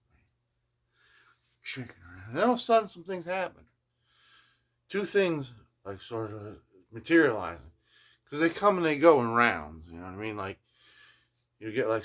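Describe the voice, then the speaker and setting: An older man with a lowish, slightly bright voice hosts a video journal about restoring guitars. He tells a long, casual story, repeatedly tacking on "you know what I mean," and puts on playful voices whenever he quotes someone.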